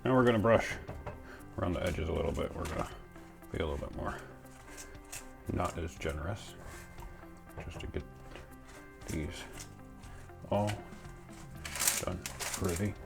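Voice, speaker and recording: This cooking channel host has a low, gravelly voice and an unhurried delivery with frequent pauses, heard over music. He bakes and eats on his casual home vlog, chewing mid-sentence while joking and chatting to himself.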